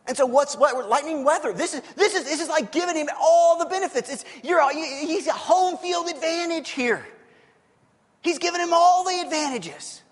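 A male preacher with a very high, lively voice, telling the story with jokes and playful asides. His voice rings out with the long reverb of a large hall. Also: normal speed. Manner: animated, jokey storytelling with acted-out quotes. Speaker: pastor. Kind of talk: sermon.

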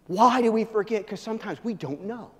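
A male pastor preaching a sermon, swinging from hushed, low asides to loud, emphatic proclaiming. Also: lively intonation, fairly quick, big-room sound.

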